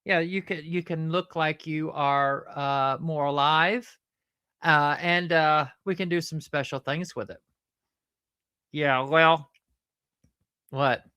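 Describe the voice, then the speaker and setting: A woman who hosts a show with her puppet and chats in a rambling, halting way. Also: low-pitched, steady tone, fairly bright tone, clear, resonant tone, no room sound, studio quality. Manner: rambling, halting, fond of fillers. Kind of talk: casual chat.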